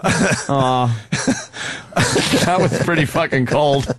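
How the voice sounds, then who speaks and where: A man's voice: mid-range voice, takes it slowly, noisy background. A man hosting a radio show, talking in loose, crude banter and laughing often at his own jokes. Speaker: radio host.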